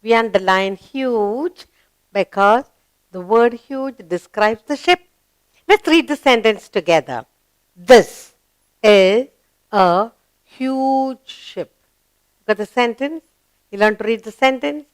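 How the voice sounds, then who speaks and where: Slow, coaxing woman teaching kids grammar. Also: fairly high pitch, animated, smooth, dry recording. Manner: slow, coaxing, asks and answers her own questions. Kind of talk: children's grammar lesson.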